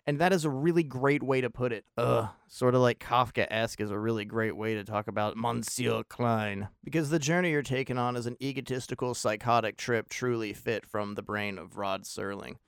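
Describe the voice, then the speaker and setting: A man's voice: medium pitch, fairly even intonation, normal speed, gravelly, few pauses, clean tone, no room sound, clean studio sound. A man casually reviewing a film on his show, opinionated and rambling, with wry self-deprecating asides.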